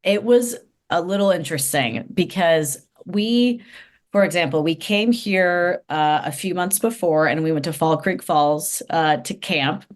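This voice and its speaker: A woman's voice: on the low side, measured pace. A woman guest in a conversational interview, talking in a reflective, earnest way with frequent restarts. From United States. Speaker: interview guest, nonprofit CEO.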